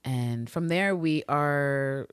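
A woman's voice: low-pitched, very slow, clean tone, no room sound, clean studio sound. A woman co-hosting a casual podcast, recapping a TV episode, swearing freely and acting out the characters' lines in voices. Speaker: podcast co-host.

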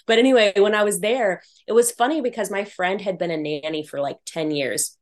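A woman in her thirties hosting a podcast, telling stories in a chatty, animated way full of filler words. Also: mid-range voice, fairly quick. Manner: chatty, animated storytelling with many "like"s. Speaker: podcast host. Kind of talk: casual chat.

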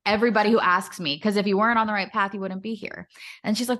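A young adult woman co-hosting a podcast, telling a lively story and acting out what people said. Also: mid-range voice. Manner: animated storyteller, quick, acts out quotes with laughs. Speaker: podcast co-host. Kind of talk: casual chat.

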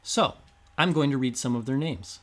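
A man's voice: medium pitch, moderate pace, a bit bright. A man co-hosting a history podcast, chatting casually, explaining and reading out listener names. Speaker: podcast co-host.

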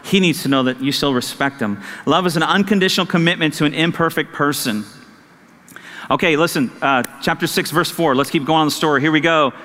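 A man preaching a sermon as pastor, animated and acting out conversations with his wife. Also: fairly high pitch, a little fast, in a large hall.

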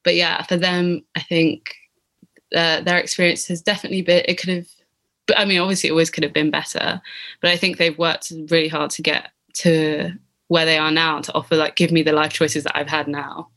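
A young British woman with a gentle, lower-pitched voice talks through her thoughts as the guest in a relaxed conversation. She circles back on herself often, with fillers and restarts as she works out what she means. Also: fairly quick. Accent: British English. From England. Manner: hesitant, many restarts and fillers. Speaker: interviewee. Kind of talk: casual reflective chat.

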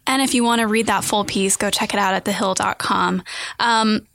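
A woman's voice: mid-range voice, fairly even intonation, normal speed, vocal fry, fairly bright tone, dry recording, clean studio sound. A woman co-hosting a political talk show, speaking conversationally and prompting her co-host with questions. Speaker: podcast co-host.

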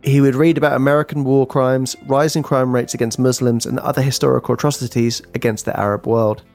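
Fast, gravelly male podcast narrator. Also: mid-range voice, flat delivery, a little mellow, soft background music. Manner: brisk scripted reading with dry teasing. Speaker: podcast co-host. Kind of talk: casual true-crime podcast narration.

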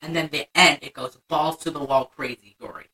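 A woman's voice: sits low, steady tone, a little fast, sharp tone, distant mic, rough recording. A young woman co-hosting a casual chat, animatedly retelling a movie scene and acting out the lines. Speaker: podcast co-host.

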